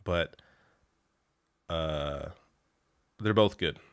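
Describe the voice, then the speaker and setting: A man's voice: a bass voice, extremely slow, smooth, dry recording. A man hosting a live show, chatting casually and reading viewer comments in a rambling way, laughing often and swearing freely.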